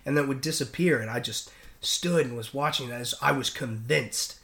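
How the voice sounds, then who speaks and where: A man's voice: medium pitch, fairly quick, pushed and bright. Rambling male sailor telling stories. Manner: rambling, many restarts and fillers. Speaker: guest, merchant sailor. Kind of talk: casual storytelling.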